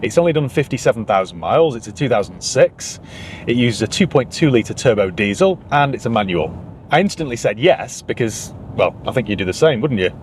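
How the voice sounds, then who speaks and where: A Northern English man in his thirties narrates his car-dealing vlog in a loose, conversational way. He is wry and quick to mock himself, and his voice sits in a middle range. A faint wash of outdoor town noise runs underneath. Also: medium pitch, animated. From England. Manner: chatty, wry and self-mocking. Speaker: used car dealer and channel host.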